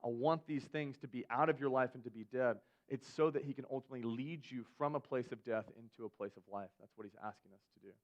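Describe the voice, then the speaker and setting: Young male youth pastor, casual animated sermon delivery, mid pitch, slightly muffled sound. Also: fast talker, few pauses.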